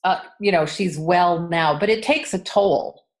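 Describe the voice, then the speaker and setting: A woman in her sixties, an entrepreneur coach appearing as an interview guest, tells her story candidly in a casual chat, using lots of fillers. Her voice sits on the low side, and she speaks at a measured pace.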